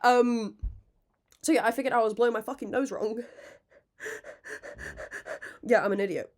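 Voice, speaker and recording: A young woman hosting a casual podcast, rambling, self-mocking and quick to laugh, swearing freely. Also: fairly high pitch, steady tone, darkish tone. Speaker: podcast host. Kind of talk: casual chat.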